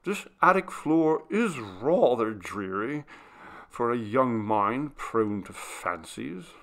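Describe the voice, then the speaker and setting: A man voicing a composed, kindly gentleman master who speaks in a measured way. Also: mid-range voice, sing-song, heavily acted. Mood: calm, firm.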